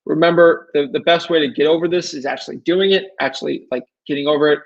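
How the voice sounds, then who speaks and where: A young man with a fairly high voice talks through a casual tutorial, chatty and repetitive, full of fillers and lively asides. The audio is dull and lo-fi. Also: quick pace, creaky. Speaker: real estate wholesaling coach.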